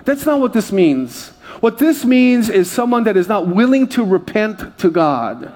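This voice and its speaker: Joking, storytelling male pastor, fairly high. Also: big pitch swings, unhurried, a little mellow. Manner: self-deprecating, jokey storyteller. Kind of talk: sermon with humorous personal stories.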